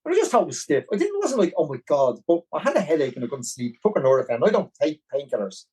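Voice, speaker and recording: Animated Dublin man telling a story. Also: fairly high pitch, rapid-fire, slightly rough, poor audio. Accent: Irish, Dublin. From Ireland. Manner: animated, rambling, with many restarts. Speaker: podcast guest, marathon runner. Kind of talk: casual storytelling.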